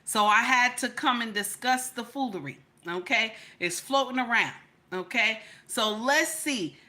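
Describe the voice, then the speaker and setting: A woman's voice: fairly high pitch, unhurried, sharp tone. A middle-aged woman hosting a casual live chat, greeting viewers by name and tagging her sentences with "okay?" and "baby.". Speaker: livestream host.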